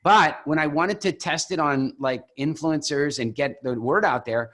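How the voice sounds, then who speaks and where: A man leading a coaching call over video, telling stories with animated, expressive delivery. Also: fairly high pitch, moderate pace. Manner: animated, expressive storyteller who acts out examples. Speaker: program founder coaching coaches.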